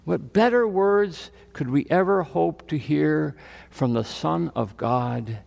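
A man preaching a sermon as pastor, slow and deliberate with long pauses, recorded in a church sanctuary. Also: a little high, creaky, darkish tone, in a large hall.

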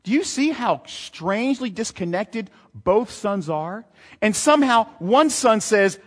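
Lively high-voiced male preacher. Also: measured pace. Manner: animated, rhetorical questions, reads and retells scripture. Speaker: pastor. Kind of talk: sermon. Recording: long hall reverb.

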